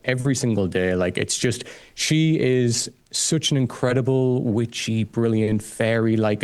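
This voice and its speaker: A man, a guest on a chat show, telling an excitable, gushing story in casual conversation and swearing freely. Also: medium pitch. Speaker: guest, music reaction video creator.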